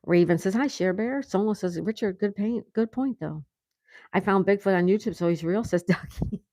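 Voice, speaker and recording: A woman's voice: mid-range voice, normal speed, dark tone, no echo, studio quality. A woman hosting a casual livestream, reading viewer comments aloud and laughing often. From United States. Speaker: livestream host. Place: home in Florida.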